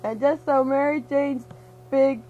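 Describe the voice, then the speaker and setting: A woman's voice: high-pitched, steady tone, a little slow, narrow, tinny audio, crowd noise. A young woman, half-asleep and giddy, rambling through a silly retelling of a movie, giggling and acting out the characters' lines. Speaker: storyteller.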